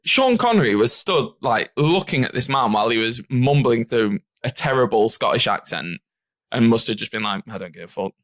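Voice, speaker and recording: A man's voice: medium pitch, moderate pace. A man hosting a podcast in casual chat, laughing often and swearing freely. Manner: laughing, lively and profane. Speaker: podcast host.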